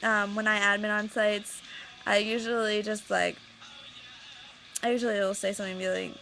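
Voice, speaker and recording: A woman's voice: mid-range voice, level tone, normal speed, creaky, pauses often, a bit bright, a little hiss or hum, low-quality recording. Rambling young woman venting to a webcam. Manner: rambling, filler-heavy, sarcastic. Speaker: vlogger. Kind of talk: casual webcam rant.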